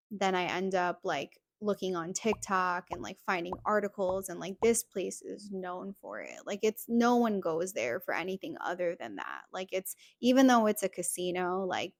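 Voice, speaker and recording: Chatty young woman with vocal fry. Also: fairly low pitch, no room sound, studio quality. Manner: chatty, heavy use of "like" fillers. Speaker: podcast host. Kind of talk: casual personal storytelling.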